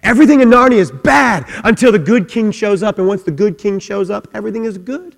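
A man preaching a sermon, swinging from quiet talk to loud shouting. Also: high-pitched, animated, a little fast, creaky, hardly any pauses. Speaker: pastor. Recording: long hall reverb.

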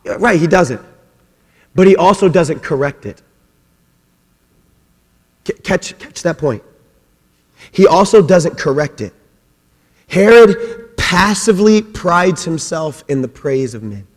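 A man preaching a sermon as pastor, swinging between loud, forceful passages and quiet ones. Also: a little high, animated, slow pace, pauses often, long reverb tail.

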